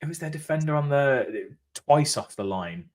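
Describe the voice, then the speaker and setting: A man's voice: medium pitch, expressive, moderate pace, a crowd in the background. A man co-hosting a casual fan chat, telling rambling anecdotes in a chatty way. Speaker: fan channel co-host. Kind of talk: casual match-reaction chat.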